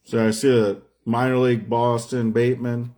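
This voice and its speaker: A man's voice: medium pitch, level tone, normal speed, warm tone. A man hosting a live card break stream, chatting casually and drawing out player names as he opens packs. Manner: chatty, rambling, drawls out player names while opening packs.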